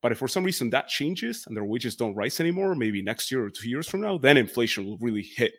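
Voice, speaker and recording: A man explaining economics as a podcast guest, quick and hedging, full of "like" and restarts. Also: mid-range voice, sing-song. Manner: quick, hedging with many fillers. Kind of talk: casual explanatory talk.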